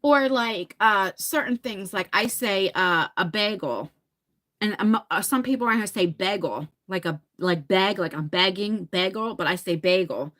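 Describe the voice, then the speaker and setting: A livestream host with a New Jersey accent, in her forties, talks casually and wanders from topic to topic with her viewers, sometimes laughing and swearing. She speaks at normal speed with a medium pitch and a fairly bright tone.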